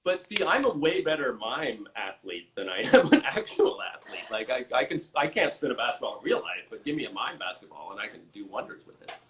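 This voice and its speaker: A man's voice: mid-range voice, a little fast, few pauses, poor audio. Easygoing man improviser chatting. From Canada. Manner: relaxed, easygoing, many fillers. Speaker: guest, actor and improviser. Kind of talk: casual chat.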